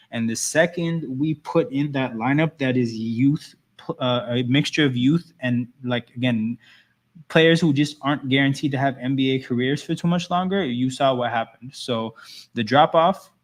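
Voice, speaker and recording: Casual male livestream host, loose and chatty, mid-range voice. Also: mid-range voice. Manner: loose, chatty, reads and answers chat.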